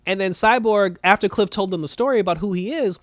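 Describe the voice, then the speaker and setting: Male reviewer, casual rambling recap, slangy, quick to laugh, slightly raised pitch. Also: fairly bright tone, dry recording. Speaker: TV episode reviewer.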